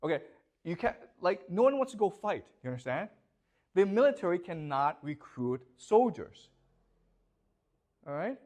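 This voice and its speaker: A man's voice: high-pitched, very animated, normal speed, long pauses, darkish tone. A man lecturing a classroom, asking students questions and checking often whether they follow.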